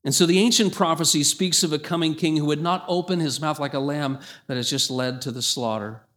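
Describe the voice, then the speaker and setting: A man preaching a sermon, emphatic, rising in pitch and volume when he reads scripture. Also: fairly even intonation, fairly quick, fairly bright tone.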